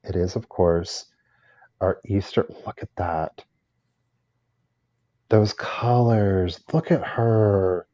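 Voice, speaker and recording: A man's voice: sits low, slow pace, long pauses, dark tone, dull audio. Enthusiastic man hosting a live sale. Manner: enthusiastic, chatty auctioneer. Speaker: live auction seller.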